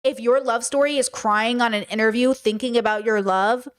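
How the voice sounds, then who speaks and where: Animated, fairly high-voiced woman storyteller. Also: normal speed, clear, resonant tone. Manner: animated, acts out quoted dialogue, swears freely. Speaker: podcast host. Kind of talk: casual storytelling monologue.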